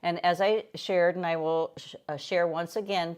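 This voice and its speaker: A woman's voice: on the low side, fairly even intonation, normal speed, darkish tone, smooth. An older woman from the United States hosting a casual live-stream chat, talking in a meandering, chatty way with frequent restarts. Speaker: host.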